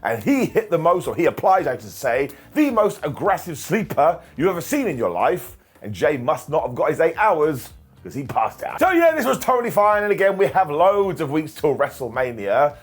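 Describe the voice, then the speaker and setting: A man's voice: fairly high pitch, very animated, fairly quick, breathy edge. A man hosting a comedic wrestling review, talking with a slight lisp from a bitten tongue and full of wry, jokey asides.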